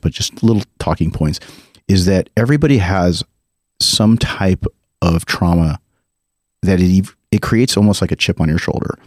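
A man's voice: low-pitched, a little mellow, no room sound, studio quality. A man hosting a podcast, asking questions in an earnest, reflective, motivational way. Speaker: podcast host. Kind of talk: casual podcast interview.

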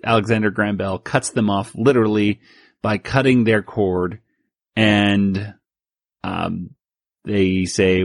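A man's voice: fairly low pitch, fairly even intonation, takes it slowly, creaky, no room sound, clean studio sound. A man co-hosting a podcast, recapping a comic in a rambling, self-interrupting way with frequent laughs. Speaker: podcast co-host. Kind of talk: casual chat.

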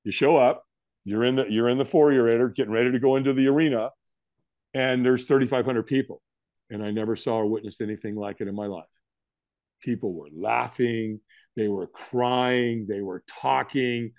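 A middle-aged man appears as an interview guest, telling an animated story at normal speed and voicing what others told him with big pitch jumps. The recording is dry.

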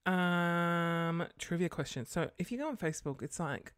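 A woman's voice: fairly low pitch, moderate pace, no echo, studio quality. A woman hosting a casual solo podcast late at night, rambling and sarcastic, muttering curses under her breath. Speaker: podcast host.

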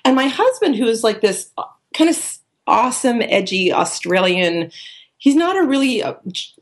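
Chatty woman coach with vocal fry. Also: medium pitch. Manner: animated storyteller who acts out quoted dialogue; chatty, with many fillers and restarts. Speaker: life coach, interview guest. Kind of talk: casual interview storytelling.

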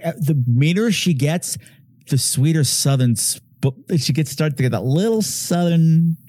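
A man hosting a casual film-review podcast, animated and mimicking characters. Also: fairly high pitch, no echo, clean studio sound. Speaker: podcast host.

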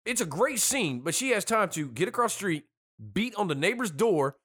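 A man with a somewhat high voice riffs on a film in loose, casual chat. He swears freely and jokes his way through the scenes. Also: big pitch swings, moderate pace, a bit bright, husky. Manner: profane, joking, acts out quotes. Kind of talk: casual movie discussion.

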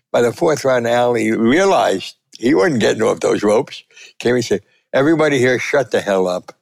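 An older man, a veteran sportswriter telling a lively story and acting out the quotes. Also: moderate pace, creaky. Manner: lively, acts out quotes with big pitch jumps. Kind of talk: animated storytelling.

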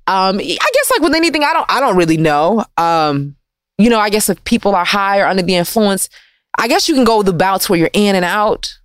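A woman's voice: very animated, brisk, dry recording. Candid woman telling a story, dry studio sound. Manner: candid, reflective, swings in pitch and pace for emphasis. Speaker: vlogger recounting a personal story. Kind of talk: casual storytelling monologue. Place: recording studio.

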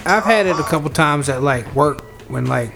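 A man's voice: on the high side, normal speed, creaky, music in the background. A man, a podcast co-host in casual chat, swearing freely and acting out coworkers in his stories. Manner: crude, animated storyteller acting out coworkers.

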